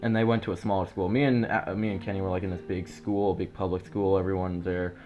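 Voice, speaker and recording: A teenage boy casually telling a long, rambling story, full of fillers, who jumps into loud, high voices when quoting others. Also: little pitch movement, fast talker, lo-fi sound.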